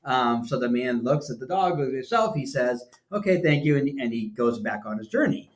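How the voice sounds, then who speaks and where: A man's voice: mid-range voice, expressive, brisk. A man co-hosting a podcast, casual chat, rambling and repeating himself as he tells a story. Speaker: podcast co-host.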